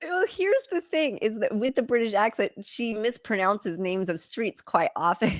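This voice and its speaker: A woman's voice: fairly high pitch, expressive, moderate pace, no room sound. A middle-aged woman hosts a casual podcast chat, hedging and rambling with "like" and "you know." Her voice sits close and dry, with no room around it. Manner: chatty, hesitant, lots of "like" and "you know". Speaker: podcast host.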